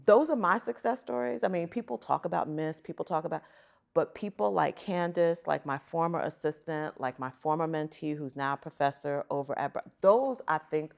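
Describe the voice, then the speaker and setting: A middle-aged woman, a guest on an interview show, telling stories in an animated, emphatic way. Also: deep voice, normal speed, vocal fry. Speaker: guest, arts center chief executive. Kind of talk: conversational storytelling.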